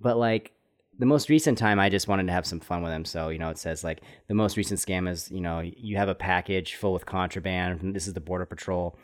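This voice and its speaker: A man co-hosting a casual podcast chat, telling stories in an animated way and laughing often. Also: sits low, fairly quick. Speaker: podcast co-host.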